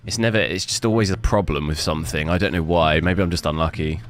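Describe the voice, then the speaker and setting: Deep-voiced young Englishman chatting to viewers. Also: fast. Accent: southern English with a London twang. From south coast of England. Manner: chatty, stammers and repeats words. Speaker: gaming streamer. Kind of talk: casual live-stream chat with viewers. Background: game music.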